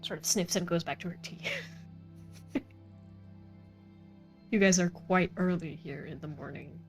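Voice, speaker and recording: A woman's voice: fairly low pitch, unhurried, creaky, faint music behind. A woman as game master, narrating a tabletop game in a chatty way and laughing often.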